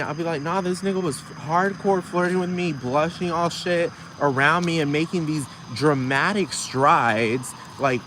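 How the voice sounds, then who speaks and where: A man ranting casually in a profane, gossipy, animated way. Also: a little high. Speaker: vlogger. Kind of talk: casual rant to camera. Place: city street outdoors. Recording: noisy outdoor street recording.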